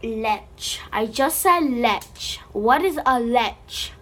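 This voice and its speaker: High-voiced woman playfully talking to slime. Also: expressive, extremely slow, a bit bright, slight background noise. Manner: playful, chatting to the slime as if it were alive. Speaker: slime video creator. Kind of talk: casual slime-making vlog. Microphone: phone.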